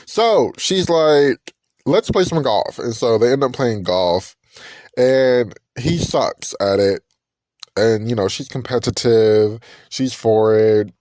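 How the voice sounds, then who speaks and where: A man's voice: mid-range voice, slow, darkish tone, no echo, studio quality. A young man hosting a podcast, animatedly recapping a reality TV episode, acting out the people in it and laughing often. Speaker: podcast host.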